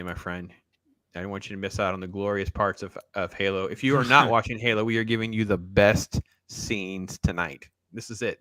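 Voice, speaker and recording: A man with a fairly low, sharp-toned voice hosts a casual reaction stream, riffing sarcastically and addressing his viewers directly. The recording is dry.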